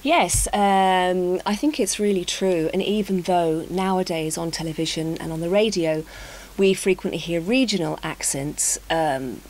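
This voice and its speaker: Thoughtful woman, low voice. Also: unhurried, darkish tone, low-quality recording. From United Kingdom. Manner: thoughtful, hesitant, with fillers and repeats. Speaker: speaker in an English-learning talk. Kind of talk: unscripted conversation.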